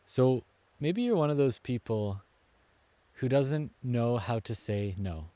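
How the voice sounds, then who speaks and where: Man, mellow warm voice, dry close sound, earnest self-help talk, deliberate emphasis. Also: medium pitch, expressive, no room sound. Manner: earnest, deliberate, leans on key words. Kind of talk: reflective motivational talk to camera.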